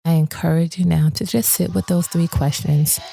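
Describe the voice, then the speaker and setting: A woman's voice: on the low side, fairly even intonation, normal speed, gravelly, mellow, a little hiss or hum. A woman hosting a devotional podcast, speaking earnestly and repeating phrases for emphasis. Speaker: podcast host.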